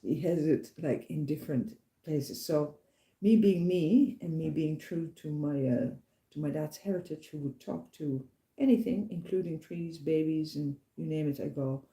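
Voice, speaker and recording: A woman with a very dark, mellow voice tells a rambling travel story in a casual vlog. She sounds chatty and enthusiastic, a walking pilgrim talking to the camera. Her voice rings with a noticeable echo. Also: sits low, normal speed.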